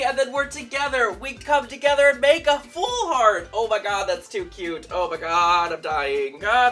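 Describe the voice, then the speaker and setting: A young man hosts a casual vlog, reading fan mail aloud in a high, bright voice. He is excitable and gushing, breaking into squeals. Faint music plays behind him. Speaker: YouTube host.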